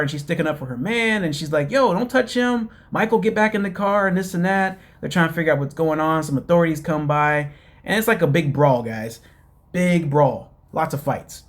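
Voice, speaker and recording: Male host with a slightly high voice, loose and chatty, rambling through a TV gossip recap aimed straight at his viewers. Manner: chatty, addresses listeners as "guys"; rambling with many fillers. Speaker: show host. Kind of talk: casual reality TV recap.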